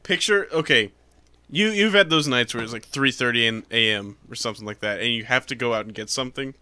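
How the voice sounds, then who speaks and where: A young man co-hosting a casual podcast, telling excitable stories and laughing often. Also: mid-range voice, fairly quick. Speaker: podcast co-host. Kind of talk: casual storytelling chat.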